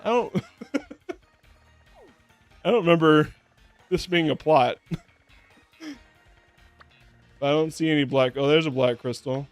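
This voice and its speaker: A man's voice: fairly high pitch, moderate pace, pauses often, dry recording, faint music behind. A man streaming a game and chatting casually, rambling with lots of fillers and restarts, sarcastic and swearing now and then. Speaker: VTuber streamer. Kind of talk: casual gameplay commentary.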